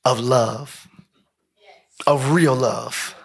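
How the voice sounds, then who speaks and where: A man preaching a lively sermon, joking with the congregation, dropping into slow low phrases and rising into high shouts. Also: vocal fry, husky. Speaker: pastor.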